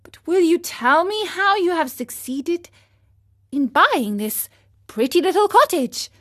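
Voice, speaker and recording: A woman reading aloud and voicing an emotional wooden boy puppet, high and tearful. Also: takes it slowly, full character voice. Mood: remorseful. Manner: sobbing, pleading, high and excited.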